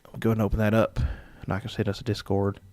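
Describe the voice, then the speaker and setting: A man's voice: on the low side, completely flat delivery, fast talker, a little mellow, dry recording. A young man casually hosting a live stream as dungeon master, rambling with filler words and chuckling as he reads viewer comments.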